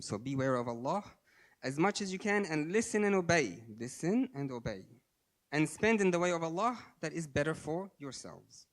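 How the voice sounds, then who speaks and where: A man giving a sermon, telling stories and moving between quiet low asides and raised emphatic lines, with Arabic religious phrases mixed in. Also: animated, normal speed. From Australia. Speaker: speaker at a religious gathering.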